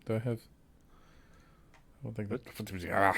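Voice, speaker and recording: A man's voice: on the low side, steady tone, a little slow, vocal fry, fairly bright tone, husky. A man playing a character in a tabletop game, chatting playfully and laughing often. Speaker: player. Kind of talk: casual game chat.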